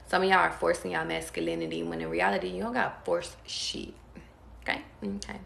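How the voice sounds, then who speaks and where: Gravelly-voiced woman giving a tarot reading. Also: fairly low pitch, reverberant, slight background noise. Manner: calm, drawn-out, talks straight to viewers. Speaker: tarot reader.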